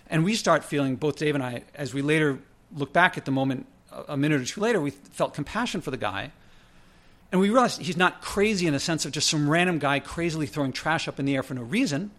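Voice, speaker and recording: Man telling a story, fairly high voice. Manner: conversational, many "like" fillers and self-corrections; lively, pitch jumps when quoting others. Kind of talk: casual spoken anecdote.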